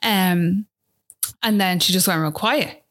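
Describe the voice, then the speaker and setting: An Irish woman, appearing as a guest, tells a personal story in a chatty, casual manner, peppering it with "like" and "do you know what I mean." Her voice is lowish and fairly bright, and she takes it slowly.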